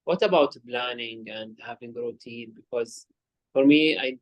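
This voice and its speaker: A man's voice: mid-range voice, dry recording, lo-fi sound. Hesitant man asking questions. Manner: hesitant, halting, laughs shyly.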